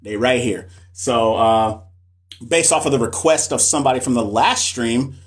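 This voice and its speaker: A man's voice: mid-range voice, normal speed. A man who is a nurse educator, chatting casually with viewers on a live stream, loose and slangy, often repeating himself. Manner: loose, slangy, repeats phrases, talks straight to chat. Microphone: phone or webcam for a live stream.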